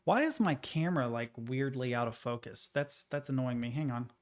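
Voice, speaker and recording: A young man streaming live, chatting casually and ranting with plenty of swearing and animated retellings. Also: medium pitch, moderate pace.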